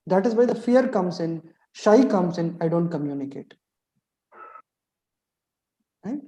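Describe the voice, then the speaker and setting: A man's voice: high-pitched, expressive, normal speed, warm tone, reverberant, poor audio. A middle-aged man giving a motivational webinar lecture as a trainer. He asks rhetorical questions and keeps checking in with "right?".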